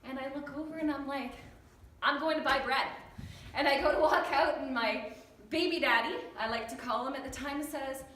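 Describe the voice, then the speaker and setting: Woman storyteller, fairly high voice, lively and animated, acts out family voices; echoey hall, mic set back from her. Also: fairly quick. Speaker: storyteller on stage. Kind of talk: humorous personal storytelling talk. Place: church hall with an audience. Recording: echoey hall, recorded from far off.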